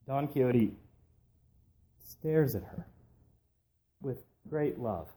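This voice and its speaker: A man delivers a sermon in a mellow, darkly warm voice at a middle pitch. He speaks earnestly and leans into his key phrases with growing fervor. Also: animated, extremely slow. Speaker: preacher.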